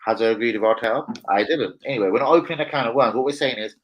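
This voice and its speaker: A man's voice: medium pitch, rapid-fire, poor audio. A man hosting a live football chat stream, chatty and slangy, talking straight to his co-host. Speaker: livestream football show host.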